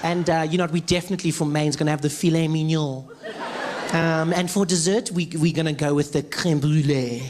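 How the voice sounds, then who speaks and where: Man doing a fast, airy, affected fancy-restaurant diner. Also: fairly high pitch, background noise, lightly acted. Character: showy upscale male restaurant diner.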